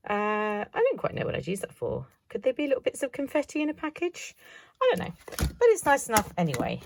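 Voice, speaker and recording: A woman's voice: fairly high pitch, wildly swooping pitch, fairly quick, vocal fry, slight background noise. A woman showing her craft haul in a casual, chatty vlog, thinking aloud with self-mocking asides. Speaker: craft vlogger.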